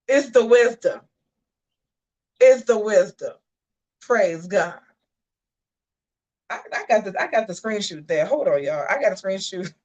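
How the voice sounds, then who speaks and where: A woman's voice: medium pitch, recorded from a distance, highs cut off. Sassy woman hosting a live chat show. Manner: animated, sassy, talks back to chat. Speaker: host of a live commentary show. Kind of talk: livestream commentary reading chat.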